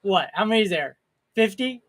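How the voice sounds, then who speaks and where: A man's voice: high voice, animated, normal speed, fairly bright tone. A man co-hosting a casual chat, telling stories and laughing often. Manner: jokey storyteller, laughs often. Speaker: podcast co-host.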